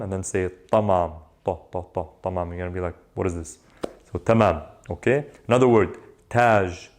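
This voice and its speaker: A man teaching an online lesson in a relaxed, conversational way, slowing down to repeat words for students to drill. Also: lowish voice. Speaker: Arabic teacher.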